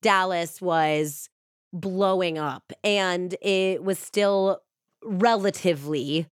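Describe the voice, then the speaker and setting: A woman hosts a true crime podcast in a casual, conversational way, often dropping in "like". Her voice sits on the low side. It is recorded close up in a dry space. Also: takes it slowly, clean tone, no room sound. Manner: casual and chatty, with frequent "like". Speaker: podcast host.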